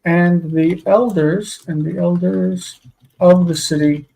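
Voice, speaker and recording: A tired man teaching a live-streamed classical Hebrew grammar lesson, explaining patiently and slowly. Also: high-pitched, fairly even intonation, gravelly, warm tone, low-quality recording.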